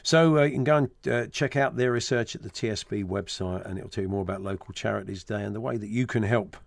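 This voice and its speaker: A man's voice: fairly low pitch, fast talker, vocal fry, no room sound. A man co-hosting a sports radio show, bantering jokily and teasing his co-host. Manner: jokey, teasing, chatty. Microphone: studio microphone.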